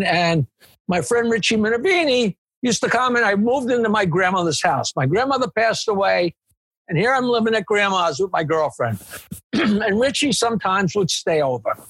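An older man, a comedian telling a story in an interview, animated and digressive. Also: high-pitched, husky, no room sound. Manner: animated, digressive storytelling with swearing and quoted voices. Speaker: comedian, guest.

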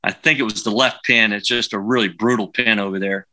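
A man's voice: fairly low pitch, steady tone, a little fast, bright, forceful tone. A man in a casual golf chat, easygoing and agreeable, giving advice and memories of a course.

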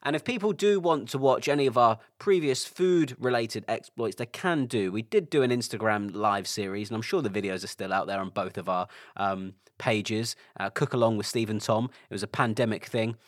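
A man's voice: fairly low pitch, normal speed, hardly any pauses, no echo, studio quality. A man co-hosting a podcast, chatting in a wry, good-humoured way. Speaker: podcast co-host. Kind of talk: casual chat.

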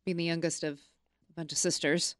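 A woman's voice: lowish voice, little pitch movement, a little fast, background noise. A woman on a podcast who chimes in with short remarks of agreement. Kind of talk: casual chat.

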